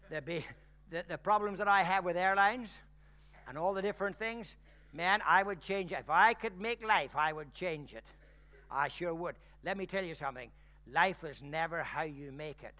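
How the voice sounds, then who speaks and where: Older male preacher, bright and slightly high, storytelling sermon that builds up to loud exclamations. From Ireland.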